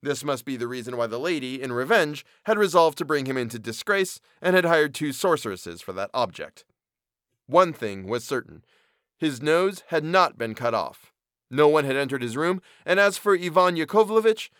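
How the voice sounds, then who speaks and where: Male narrator, bright tone, dry close recording, expressive storybook read. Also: fairly high pitch, no room sound. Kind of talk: storybook reading.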